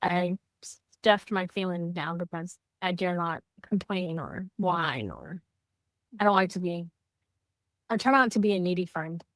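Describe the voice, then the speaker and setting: A woman co-hosting a podcast, talking candidly in casual heartfelt chat, animated when she quotes others. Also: lowish voice, unhurried, no room sound, clean studio sound. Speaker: podcast co-host.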